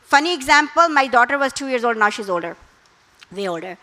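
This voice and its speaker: A middle-aged woman gives a parenting talk as a guest speaker, drawing on her work as a therapist. Her voice sits high and sounds bright. She speaks calmly and instructively. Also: a little fast, poor audio. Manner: calm, instructive, with acted quotes.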